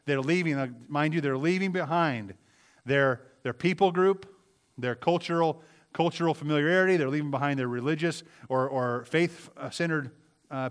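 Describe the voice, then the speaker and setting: A man's voice: fairly high pitch, moderate pace, smooth. Conversational male preacher. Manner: conversational, repeats words and asks the listeners questions. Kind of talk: sermon.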